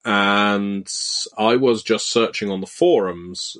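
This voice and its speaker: A man's voice: lowish voice, slow, fairly bright tone. A British man in his thirties telling wry, self-deprecating anecdotes in a casual chat, with frequent hesitations. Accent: British English. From Britain.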